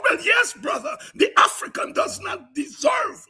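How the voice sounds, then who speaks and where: A Guyanese man hosts a political commentary show, his delivery impassioned and preacher-like, swelling into cries and shouts. His voice is very high-pitched with big pitch swings, and he speaks a little slowly.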